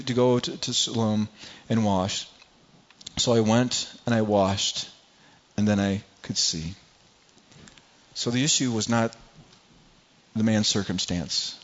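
A man preaching a sermon, earnest and repetitive, often restarting words and reading scripture aloud to the congregation. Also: medium pitch. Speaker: pastor. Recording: dull lo-fi recording.

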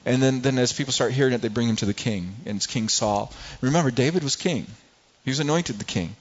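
A middle-aged man delivers a sermon in a conversational way, stumbling over and repeating words as he goes. His voice sits at a mid pitch for a man. The recording is a bit dull and lo-fi. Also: quick pace. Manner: conversational preaching, acts out everyday people, frequent repeats. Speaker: pastor.

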